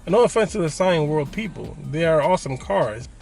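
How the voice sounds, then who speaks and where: A man's voice: on the high side, animated, brisk, creaky, a little mellow, soft background music. A man hosting his car channel, giving opinions in a joking, casual way with frequent laughs.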